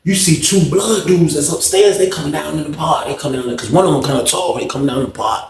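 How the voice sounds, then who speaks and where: Animated man telling a story in a roomy space. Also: fairly high pitch, brisk, gravelly, far from the mic. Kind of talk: casual storytelling.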